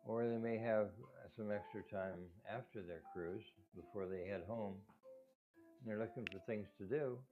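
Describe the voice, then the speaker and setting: An older man who runs a cat rescue talks casually and rambles, with restarts and soft laughs. His words whistle because he is not wearing his dentures. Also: lowish voice, moderate pace. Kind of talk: casual talk to camera. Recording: tinny phone-like sound with faint music.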